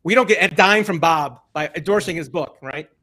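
A man hosting a casual interview, asking questions with many ums and pauses. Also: a little high, pushed and bright. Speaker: podcast host.

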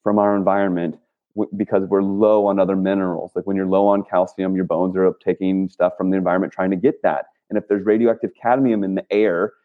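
Male guest, low-pitched, rambling and filler-heavy, heard through a thin phone-like line. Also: level tone, a little fast. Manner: rambling, with many fillers and restarts. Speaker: guest, activist and clothing maker. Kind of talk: casual interview talk. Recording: tinny phone-line sound.

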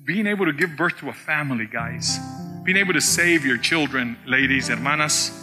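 A man's voice: a little high, lively intonation, normal speed, in a large hall, over music. A male pastor preaching a sermon, repeating his phrases and rising to emphatic peaks.

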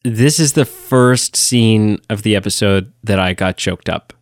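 Lowish-voiced man gushing in casual chat. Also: unhurried, dry recording, clean studio sound. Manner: enthusiastic, emphatic, animated retelling. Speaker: podcast co-host.

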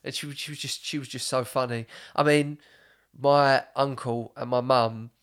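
A man's voice: mid-range voice, steady tone, moderate pace, fairly bright tone, clear, resonant tone. A young man, hosting a casual podcast chat, rambling through stories with lots of swearing and laughter. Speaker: podcast host.

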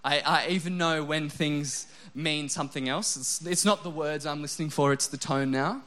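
A young adult male pastor delivers a relaxed, joking sermon. His voice sits fairly high for a man, and he is quick to poke fun at himself, peppering his talk with "like" before turning earnest. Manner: casual, self-mocking humor with frequent "like" fillers.

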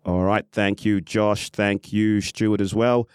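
A man's voice: lowish voice, slow, smooth, no echo. A man hosting a podcast, telling a story in casual chat, full of ums and restarts and acting out what people said. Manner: animated, acts out quotes, many ums and restarts. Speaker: podcast host and football club official.

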